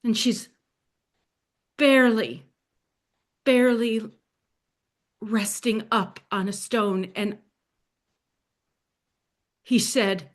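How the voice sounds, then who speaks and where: A woman telling a dramatic story in the first person, speaking in a hushed voice that often sinks to a soft near-whisper. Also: medium pitch, slow, long pauses.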